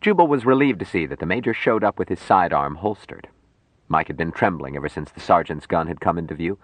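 A man narrating an audiobook in a measured, even way. His voice is very deep and the recording is close and dry, with no room sound. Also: no echo. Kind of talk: scripted narration.

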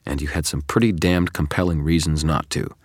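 A man voicing a calm, knowing male double of the hero, probing and wry, in an audiobook. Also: extremely low pitch, fairly quick, no room sound, clean studio sound. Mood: coaxing. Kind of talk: audiobook character reading.

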